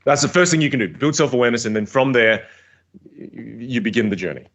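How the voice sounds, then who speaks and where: A man's voice: medium pitch, fast talker, highs cut off. Emphatic male communication coach. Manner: energetic, emphatic, repeats words for stress. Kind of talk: podcast interview answers.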